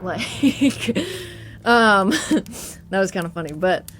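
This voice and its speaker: A young adult woman tells a spooky personal story in a casual social-media style, swearing freely, chatting and laughing throughout. Her mid-range voice is expressive, slow and a bit bright, with slight background noise and faint spooky piano music behind her.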